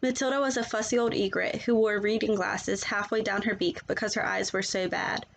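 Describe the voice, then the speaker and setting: Gentle woman reading a children's book. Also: mid-range voice, fairly quick, vocal fry, slight background noise, rough recording. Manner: gentle, expressive storytelling. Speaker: storyteller. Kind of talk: children's picture-book read-aloud.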